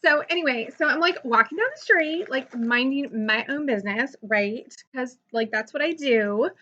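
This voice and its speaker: A woman's voice: sits high, normal speed, pushed and bright, highs cut off. A young woman playing a ditzy, self-absorbed valley-girl YouTuber in a comic monologue, rambling and saying "like" constantly. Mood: chatty, indignant. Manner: says "like" constantly, gossipy rambling. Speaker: comedy channel host.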